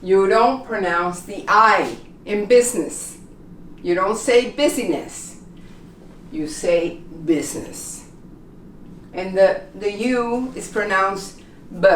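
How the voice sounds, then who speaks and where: A woman teaches pronunciation in a slow, unhurried way, repeating each example word with patience. She stands back from the microphone, and her voice echoes around the room. A faint hum runs underneath. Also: medium pitch. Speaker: English teacher. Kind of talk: classroom pronunciation lesson. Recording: echoey room, mic at a distance.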